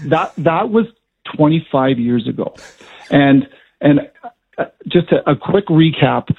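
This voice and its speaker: A man's voice: a little high, expressive, a little slow, vocal fry, breathy edge. A middle-aged man, a former hockey player turned color analyst, chatting and telling stories in a radio interview. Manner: chatty, storytelling, laughs often. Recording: tinny phone line.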